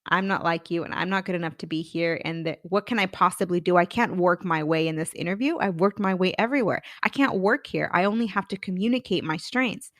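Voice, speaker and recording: A woman's voice: lowish voice, brisk, hardly any pauses, dry recording, clean studio sound. A woman in her thirties, a career coach and podcast host, telling her own story candidly and acting out her past thoughts. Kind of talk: personal storytelling.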